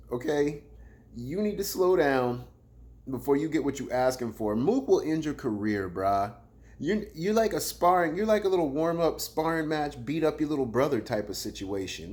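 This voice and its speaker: A man hosting a casual battle rap commentary show, talking in slang and swinging between loud, playful jabs and low, muttered asides.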